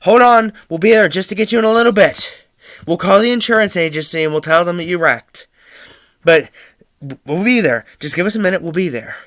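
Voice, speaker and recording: A man's voice: high-pitched, animated, a bit bright, dry recording, clean studio sound. A man voicing his flustered, scolding middle-aged mother who fires off exasperated questions in a raised voice. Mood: reassuring. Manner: exasperated, rapid-fire questioning.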